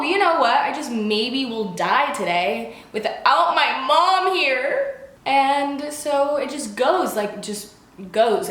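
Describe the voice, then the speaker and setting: In a casual storytime vlog, a young woman with a somewhat high, slightly bright voice recounts something that happened to her, and the room sounds echoey. She's chatty, leans on lots of fillers, and acts out what people said.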